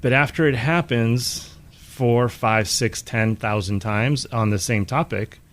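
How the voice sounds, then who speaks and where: A male talk show host asks his guest questions in a relaxed, candid way. He pokes fun at himself as a regular guy and grows animated when he acts out his frustration. His voice sits at an ordinary middle pitch. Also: takes it slowly. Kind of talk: conversational interview.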